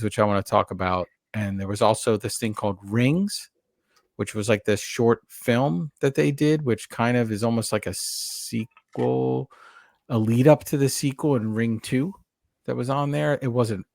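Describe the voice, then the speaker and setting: Lower-voiced man in a rambling podcast chat. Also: vocal fry, no echo, clean studio sound. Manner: rambling, self-correcting, animated recaps. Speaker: podcast co-host. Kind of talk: casual chat about a horror movie.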